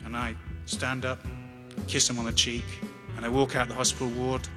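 A man quietly telling a personal story on stage in a halting, emotional way. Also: medium pitch, completely flat delivery, long reverb tail, over music.

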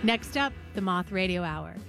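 A woman radio host giving a show promo in a soft, inviting way. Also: on the low side, lively intonation, normal speed, creaky, faint music behind.

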